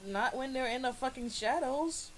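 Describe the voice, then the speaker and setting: A woman's voice: high-pitched, normal speed, a little hiss or hum. A young woman commenting live on a video game as she plays, swearing often and breaking into fits of laughter and shrieks. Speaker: let's play gamer. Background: game music.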